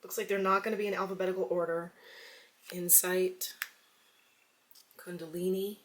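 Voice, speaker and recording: A woman tarot reader casually flipping through a deck, softly murmuring each card's name in turn. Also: medium pitch, little pitch movement, very fast, slight background noise. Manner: soft-spoken, murmurs card names quietly one by one. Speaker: tarot reader reviewing decks.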